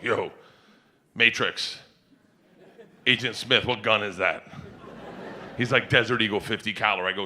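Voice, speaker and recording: A middle-aged man telling rowdy, laugh-filled stand-up stories. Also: fairly low pitch. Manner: animated, rowdy, laughs often mid-story. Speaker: comedian. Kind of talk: stand-up storytelling.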